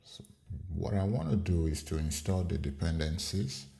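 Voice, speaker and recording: A man hosting a screen-recorded coding tutorial, explaining each step in an unhurried way with fillers. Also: sits low, lively intonation, vocal fry, mellow. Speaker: programming tutorial host.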